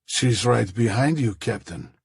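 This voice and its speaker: A man's voice: medium pitch, animated, unhurried, gravelly, breathy edge, no room sound, clean studio sound, full character voice. A man narrating an audiobook, voicing a menacing male impostor painter with a Middle Eastern accent. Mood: smug.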